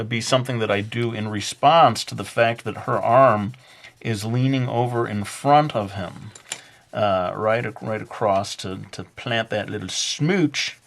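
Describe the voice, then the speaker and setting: A man's voice: lowish voice, slow pace, vocal fry, fairly bright tone. A man teaching a drawing lesson in a casual, hesitant way, with many fillers and joking asides. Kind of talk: casual drawing tutorial narration.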